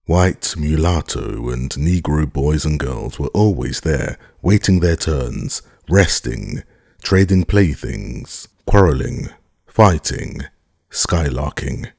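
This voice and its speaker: A man narrating a classic novel as an audiobook, with measured, expressive storytelling into a close studio mic. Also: very deep voice, gravelly, slightly rough, no room sound. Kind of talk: scripted narration.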